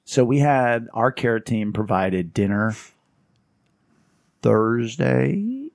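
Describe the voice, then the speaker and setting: A man hosting a podcast, chatting casually and telling stories with wry humor, slipping into lively quoted voices. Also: medium pitch, extremely slow, dry recording, studio quality. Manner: storytelling, wry humor, animated quoting. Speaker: podcast host. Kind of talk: casual chat.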